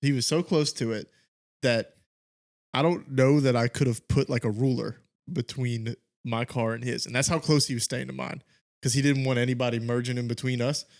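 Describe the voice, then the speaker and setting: A man co-hosting a podcast, chatting casually in a relaxed, matter-of-fact way. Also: mid-range voice, moderate pace, vocal fry. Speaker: podcast co-host. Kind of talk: casual chat.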